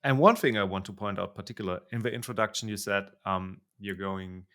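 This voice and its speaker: Gravelly low-voiced male podcast host. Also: brisk, pushed and bright. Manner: hesitant, searches for words. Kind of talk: conversational interview.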